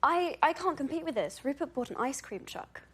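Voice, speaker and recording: A woman's voice: high voice, animated, moderate pace. A young woman with an English accent, a guest on a talk show, talking in a giggly way and hedging with lots of fillers. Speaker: guest actress.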